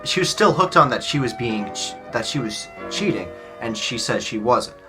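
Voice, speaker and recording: A man's voice: medium pitch, expressive, moderate pace, music in the background. A man hosting a reaction video who explains a tennis match step by step in a chatty way, often saying "like". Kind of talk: casual commentary.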